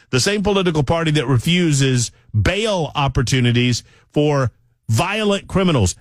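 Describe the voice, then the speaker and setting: A man hosts a talk radio show, speaking in a slightly high voice. He delivers an emphatic, sarcastic political monologue straight to his listeners. His studio microphone gives a dry, close sound. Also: no room sound.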